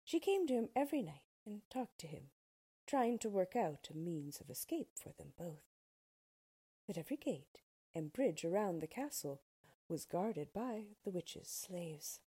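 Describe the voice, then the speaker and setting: A woman reads a storybook aloud in a slow, unhurried way. Her breathy voice sits a little high and rises and falls with great expression from line to line. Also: sing-song, mellow.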